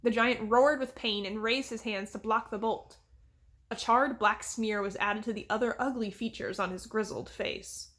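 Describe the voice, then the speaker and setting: A woman's voice: a little high, fairly even intonation, moderate pace, a bit bright. Woman reading a storybook chapter aloud. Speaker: reader. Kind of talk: audiobook reading.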